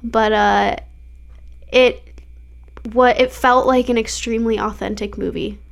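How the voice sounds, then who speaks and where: Casual podcast co-host, woman, slightly high voice, rambling and filler-heavy. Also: fairly even intonation, measured pace, gravelly. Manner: chatty, many fillers and likes, laughs easily. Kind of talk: casual chat about a movie.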